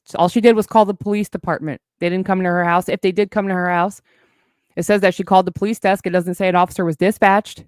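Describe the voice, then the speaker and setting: A woman's voice: on the low side, fairly even intonation, quick pace, clean tone, no echo, clean studio sound. A woman in a heated, profane livestream rant, sarcastic as she calls out her online critics. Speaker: streamer addressing online critics.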